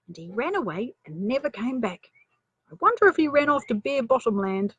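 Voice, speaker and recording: A woman's voice: a little high, sing-song, a little fast, husky, no echo. A woman reading a children's story aloud, playful, with chatty asides.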